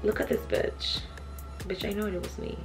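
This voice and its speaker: A young woman vlogging in a loose, chatty way, swearing freely and thinking out loud. Her voice has a gravelly, fried edge at a middle pitch. Faint music plays softly behind her. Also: level tone, normal speed. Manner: profane, chatty, thinking aloud. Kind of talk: casual vlog chat.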